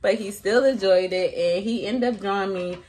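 A woman's voice: mid-range voice, normal speed, a little mellow, slight background noise. An elementary school teacher talking casually to her vlog viewers in a chatty, slangy way, laughing often.

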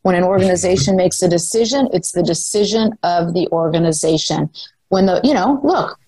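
A woman's voice: on the low side, brisk, darkish tone, slightly rough, no echo, low-quality recording. An older woman telling a story in a podcast interview, articulate and emphatic, speaking self-assuredly into a close mic. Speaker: guest, former sports executive.

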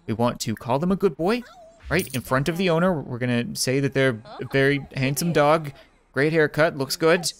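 A man's voice: a little high, normal speed. A young man commentating a life-simulation game in a casual, sarcastic way, laughing often. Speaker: gaming commentator.

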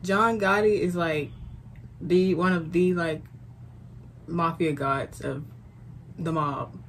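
A woman's voice: lowish voice, steady tone, slow, a little hiss or hum. A woman co-hosting a reaction video, chatting casually and explaining song lyrics with lots of "like". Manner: explains lyrics with many likes, laughs easily. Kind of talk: casual chat.

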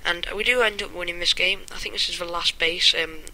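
A man talks over his gameplay in a loose, rambling way and keeps breaking into chuckles. His voice sits a little high and rings very bright and sharp. There is a faint hum behind him. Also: steady tone, brisk, low-quality recording. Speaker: gameplay commentator. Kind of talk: casual gameplay commentary.

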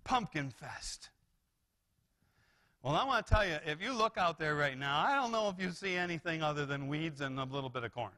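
A male pastor preaching in a church, his voice bright and somewhat higher than most men's. He swings between low, quiet explanation and sudden loud, high exclamations, often restarting his phrases. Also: moderate pace. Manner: animated preaching with rises and repeated restarts. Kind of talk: sermon. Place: church sanctuary.

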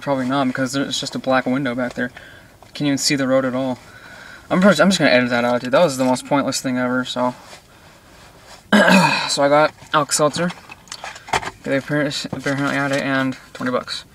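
A man's voice: medium pitch, steady tone, quick pace, fairly bright tone. A young man in his late teens, vlogging from inside a car in a rambling, filler-heavy way, saying "dude" and "freaking" a lot. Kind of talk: casual rambling vlog talk. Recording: clear car and road noise.

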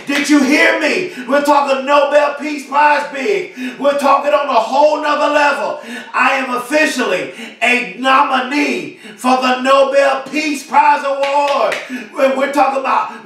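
A man giving a fiery, repetitive motivational speech, often shouting. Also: very high voice, fairly even intonation, unhurried, very echoey, far from the mic, a little hiss or hum. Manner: fiery, emphatic preaching cadence with repetition. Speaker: motivational speaker.

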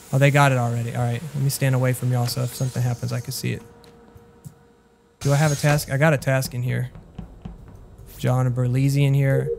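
Man streamer, mid-pitched voice, nervous running commentary, light music under him. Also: a little mellow. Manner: talks to himself while doing tasks, wary. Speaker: streamer playing a social deduction game. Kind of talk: casual gameplay commentary. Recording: faint music behind.

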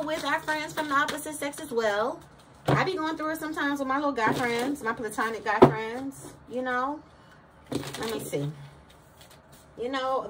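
A woman giving a casual tarot reading, sassy and slangy, talking straight to her viewers. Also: fairly high pitch. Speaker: tarot reader. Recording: distant mic with clear background noise.

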